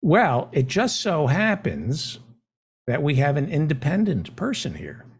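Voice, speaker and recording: A man hosting a comedy talk show, joking in a deadpan, mock-naive way. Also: a little high, unhurried, husky. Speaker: show host.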